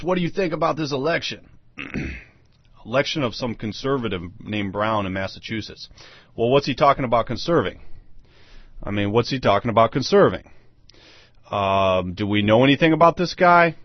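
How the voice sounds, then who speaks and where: Emphatic man in a lively monologue. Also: fairly low pitch, dry recording. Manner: emphatic, repetitive rhetorical questions. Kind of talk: solo opinion monologue. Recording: dull, lo-fi dry sound.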